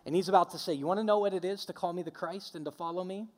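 A male pastor preaches a sermon in a fairly high, darkish voice, steady in tone but rapid-fire in delivery. He drives his points home emphatically through repetition and calls on the congregation to respond. A long reverb from the church hall trails his voice.

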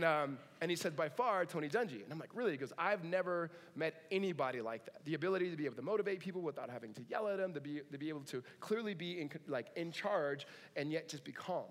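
A man's voice: on the high side, fairly bright tone, big-room sound. A man preaching a sermon as a pastor, conversational, with humorous asides.

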